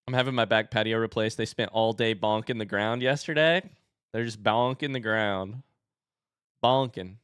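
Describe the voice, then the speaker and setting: A man in his thirties chatting casually with his live-stream audience in an animated way. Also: lowish voice, moderate pace, clear, resonant tone, dry recording, studio quality. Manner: chatty and animated, baby-talks his dogs.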